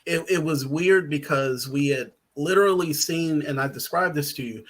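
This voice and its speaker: A man's voice: fairly high pitch, moderate pace. A man who is a writer and guest on a podcast, chatting casually, rambling with lots of ums and little laughs.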